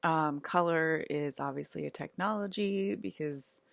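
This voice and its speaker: Woman vlogger, deep fry-heavy voice, rambling casual monologue full of fillers. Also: no room sound. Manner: rambling and halting, many fillers.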